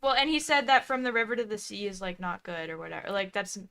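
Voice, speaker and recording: A young woman co-hosting a commentary stream, chatty and quick to laugh, often trailing off mid-thought. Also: mid-range voice, expressive, bright, forceful tone, clear, resonant tone. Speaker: co-host. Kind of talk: casual commentary chat.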